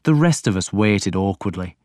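Man reading a first person story aloud, low voice, steady measured telling, dry close mic. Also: no room sound. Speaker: audiobook narrator. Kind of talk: scripted first-person narration.

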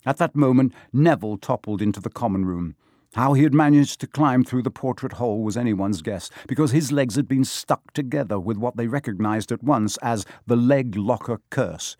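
This is scripted narration of a storybook audiobook, voiced by a man with a mid-range voice who keeps an even, measured pace. The audio is studio quality, with no room sound at all.

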